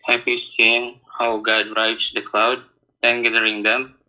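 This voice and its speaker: A man's voice: medium pitch, monotone, unhurried, bright, forceful tone, poor audio. A man calling in to an online debate, speaking hesitantly and nervously, stumbling as he reads. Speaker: caller. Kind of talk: debate call.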